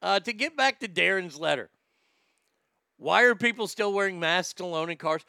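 A man's voice: sits high, animated, moderate pace, vocal fry, sharp tone, clear, resonant tone, no echo, clean studio sound. A male comedian hosting a livestream, reading chat aloud and ranting in a blunt, profane way. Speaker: comedian host.

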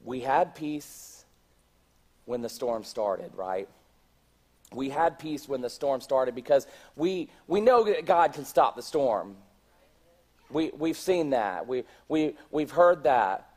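A man's voice: medium pitch, lively intonation, slow pace. A middle-aged man preaching in a church, speaking conversationally, often restarting his words and asking the congregation questions. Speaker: pastor. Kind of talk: sermon.

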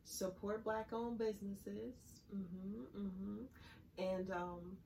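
A woman's voice: medium pitch, steady tone, extremely slow, creaky, mellow, slight background noise. A young woman with a Southern US accent co-hosting a podcast in casual chat, laid-back and playful. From American South. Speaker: podcast co-host. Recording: echoey room, distant mic.

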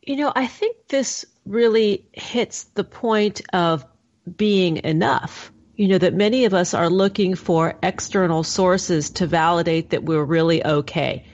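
Woman radio host, low-pitched, conversational, dull lo-fi sound. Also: unhurried, a little mellow. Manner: conversational, some fillers. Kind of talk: interview hosting.

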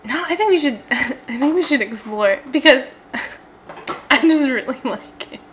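Give me a giggly young woman with a crisp, bright voice narrating a silly adventure game. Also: sits high, expressive, measured pace, slight background noise. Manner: giggly, playful, laughs often. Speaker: host and story narrator. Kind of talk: narrating a choose-your-own-adventure game.

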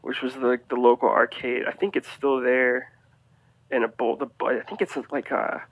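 A man's voice: medium pitch, normal speed, dry recording, highs cut off. Rambling male podcast guest, dry sound. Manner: rambling, animated anecdote with restarts. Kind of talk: casual storytelling.

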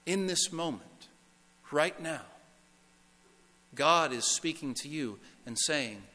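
A male pastor preaching in a church hall with a long, ringing reverb. His voice is bright and forceful and sits a little high for a man. He stresses lines by repeating them and drops to a near hush on key words. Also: lively intonation, takes it slowly, long pauses. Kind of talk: sermon. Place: church sanctuary.

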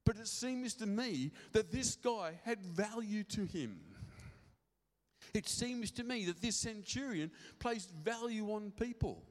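A man preaching a sermon, excitable and prone to talking fast. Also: high voice, big-room sound.

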